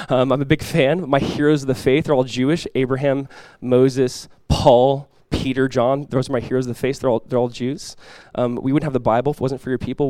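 A man preaching a sermon as pastor, telling a personal story conversationally with light humor, and praying softly and earnestly. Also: medium pitch, fairly even intonation, quick pace, hardly any pauses, no room sound.

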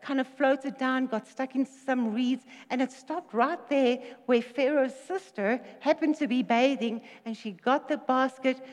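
A woman preaching a sermon, telling a story with lively asides and jokes. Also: sits high, measured pace, few pauses. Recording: reverberant hall.

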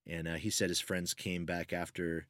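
American guy co-hosting a podcast, lowish voice, dry close mic, laid-back storytelling. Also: moderate pace, no echo. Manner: relaxed anecdotal storyteller, chuckles often. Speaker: podcast co-host. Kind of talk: casual storytelling chat.

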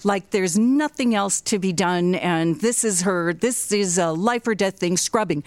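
Woman storyteller, animated delivery, sound effects, dry close sound. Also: medium pitch, a little slow, hardly any pauses, no echo. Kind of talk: told personal story on stage.

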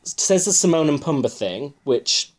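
A man's voice: on the high side, lively intonation, unhurried. A man in casual chat as a podcast co-host, telling stories wryly and often laughing.

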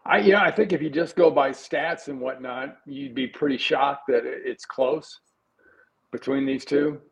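A man in his sixties, a former player appearing as a guest analyst on sports talk radio, speaking in an easygoing, halting way with frequent restarts. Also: medium pitch, vocal fry, low-quality recording.

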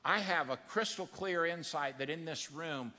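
A man preaching a sermon in a church, acting out the voices in his story with dramatic swings of pitch. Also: moderate pace, long reverb tail. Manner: animated, acts out quotes with big pitch swings. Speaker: pastor. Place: church sanctuary.

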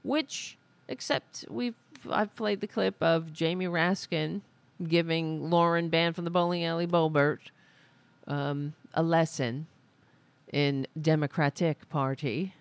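A woman's voice: low-pitched, fairly even intonation, slow pace, gravelly, dry recording. A woman hosting a podcast, ranting in exasperated, sarcastic, profane political commentary into a studio microphone. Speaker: podcast host.

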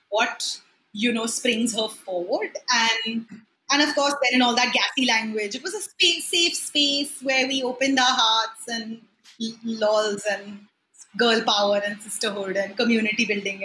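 An Indian woman in her thirties with a high, bright voice talks freely as a podcast guest. She laughs often and mixes Hindi phrases into her English. The room has a noticeable echo. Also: a little hiss or hum. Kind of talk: casual chat.

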